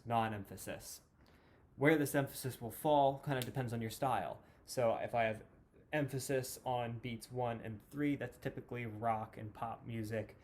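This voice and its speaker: Guy teaching music basics, patient, counts beats out loud, bit of faint hiss behind. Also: medium pitch. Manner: clear, patient explaining with counting aloud. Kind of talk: classroom lesson explanation.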